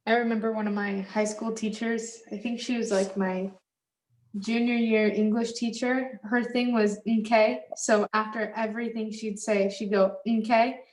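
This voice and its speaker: A woman student telling lively stories in an online class discussion. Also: medium pitch, moderate pace. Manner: animated storytelling. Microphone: video call. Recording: roomy video-call audio.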